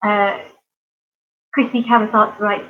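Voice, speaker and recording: A woman's voice: mid-range voice, little pitch movement, takes it slowly, narrow, tinny audio, slight background noise. A woman from near London with a southern English accent, chatting casually with viewers on a live stream and rambling with lots of ums and giggles. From England, near London. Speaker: art channel host.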